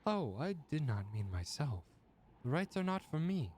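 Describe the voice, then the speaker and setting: A man's voice: a little high, very animated, normal speed, a little hiss or hum, voice pushed up. A man voicing a courteous male minstrel who speaks politely and formally. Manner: polite, formal, soft-spoken.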